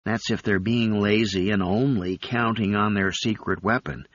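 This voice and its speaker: A man voicing a gruff, wary male uplifted chimp fighter who speaks in an urgent, clipped way. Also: lowish voice, steady tone, moderate pace, no room sound, natural voice. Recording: slightly dull recording.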